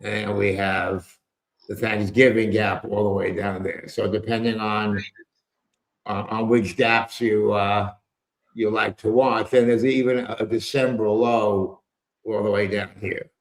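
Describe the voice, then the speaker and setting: A man hosts a live market commentary stream, talking in a slow, gravelly voice that sits fairly low. He wanders through wry asides and mild cursing as he goes. The sound is roomy and echoey. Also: flat delivery. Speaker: trading show host. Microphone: earpiece with a microphone.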